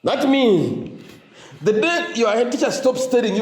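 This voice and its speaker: A man's voice: extremely high pitch, very animated, unhurried. A man giving a motivational talk to teachers, leaving sentences open with "what?" for the audience to fill in and mixing in Luganda phrases. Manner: call-and-response, asks "what?" for the crowd to fill in. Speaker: motivational speaker. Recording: echoey room.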